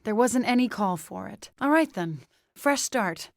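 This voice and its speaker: An actress voicing a stubborn, defensive young farmer woman in a fantasy video game, talking with hesitant pauses. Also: medium pitch, lively intonation, gravelly, no echo, studio quality. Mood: apologetic. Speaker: game companion character.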